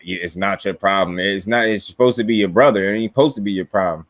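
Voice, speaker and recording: Man, new jersey accent, boxing live-stream host, low voice, slangy, chuckling, dry close mic. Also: quick pace, no room sound. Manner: laid-back, chuckling, slangy. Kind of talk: casual live-stream chat reading viewer comments.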